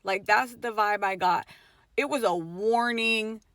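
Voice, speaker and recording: A woman's voice: mid-range voice, measured pace, fairly bright tone, no echo, clean studio sound. A middle-aged mother telling a personal story in a casual vlog, swearing often, with lots of fillers and emphatic swings.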